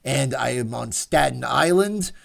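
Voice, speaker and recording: A man's voice: mid-range voice, lively intonation, a little slow, vocal fry, fairly bright tone, heavily acted. A man doing a blunt, grumbling New York sanitation worker with a put-on New York accent. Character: gruff Staten Island sanitation worker, middle-aged man.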